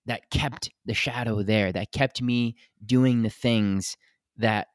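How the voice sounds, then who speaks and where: A man's voice: medium pitch, steady tone, slow pace, dry recording, clean studio sound. A man hosting a podcast in casual conversation, talking candidly and animatedly and swearing freely. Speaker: podcast host.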